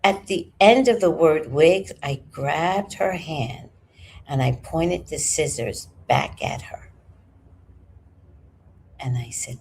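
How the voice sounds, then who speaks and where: A woman in her forties hosting a livestream, telling stories in a casual, animated way that swings from hushed to loud. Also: low voice, slow, vocal fry, a little hiss or hum. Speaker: livestream host. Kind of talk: casual storytelling to a live chat.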